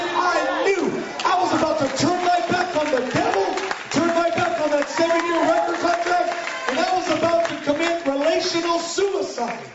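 A man giving a sermon testimony to a congregation, telling his story with animated bursts of shouting and banter with the crowd. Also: very high voice. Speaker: guest preacher giving testimony. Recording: echoey hall from far off, dull sound.

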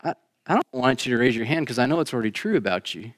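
A man preaching a sermon in a church, shifting between emphatic raised lines and quiet, conversational asides. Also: mid-range voice, animated, fast talker. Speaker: pastor. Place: church sanctuary.

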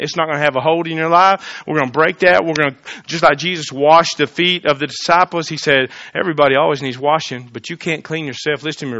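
A man preaching a sermon, swinging between loud fervent declarations and quiet confiding asides. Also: a little high, dull audio. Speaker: pastor.

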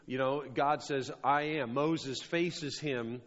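A man's voice: medium pitch, slow, fairly bright tone. A man preaching a sermon as a pastor, stressing and repeating key phrases. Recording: dull sound with long hall reverb.

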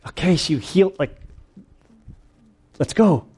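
A man's voice: fairly high pitch, expressive, slow pace, a little mellow, slightly rough, pitched above the performer's own voice, heavily acted. An impatient, desperate father pushes for everyone to hurry along, his words urgent and clipped, as a preacher plays him. He sounds plainly fed up with the delay. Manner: impatient, urging.

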